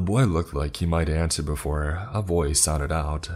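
A man narrating a scripted first-person story in a steady, even way. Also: very deep voice, unhurried, hardly any pauses, faint music behind.

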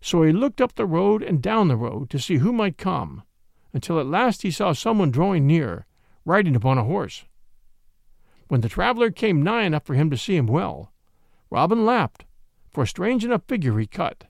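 A male narrator reads an old adventure tale with a lilting, expressive delivery, his pitch rising and falling freely. His voice is a touch high with a gravelly grain, and the recording is close and dry. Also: moderate pace, no echo. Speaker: audiobook narrator. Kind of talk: storybook narration.

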